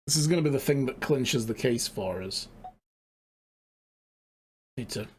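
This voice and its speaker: A man's voice: mid-range voice, animated, a little slow, a little hiss or hum. A man streaming a video game, chatting casually and joking as he plays, swearing freely. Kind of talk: let's play commentary. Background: video game music.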